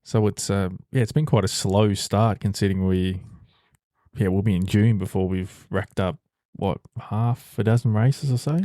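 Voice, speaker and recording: A man's voice: on the low side, fairly even intonation, normal speed, warm tone, dry recording, studio quality. A man co-hosting a podcast in casual chat, swearing freely and laughing often. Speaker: podcast co-host.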